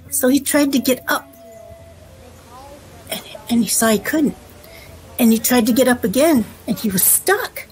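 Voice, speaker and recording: A woman storyteller telling a folk tale to children in a gentle, unhurried way. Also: a little high, lively intonation, low-quality recording.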